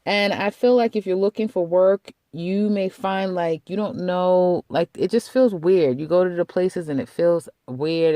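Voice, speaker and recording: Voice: medium pitch, a little mellow, dry recording, clean studio sound. A tarot reader giving a casual monthly reading in a chatty, rambling way, blunt and laughing at their own remarks.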